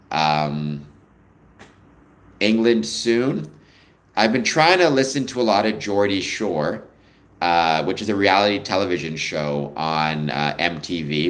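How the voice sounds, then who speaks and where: Guy with a low voice doing a livestream, rambly chat, reads out comments and goes off on tangents. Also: fairly bright tone. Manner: chatty, rambling, digresses into personal stories. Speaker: livestream host. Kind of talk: casual chat answering viewer comments.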